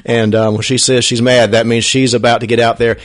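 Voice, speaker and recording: A man's voice: mid-range voice, little pitch movement, brisk. A man co-hosting a live show, explaining things in a supportive way. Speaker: show co-host. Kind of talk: casual live show talk.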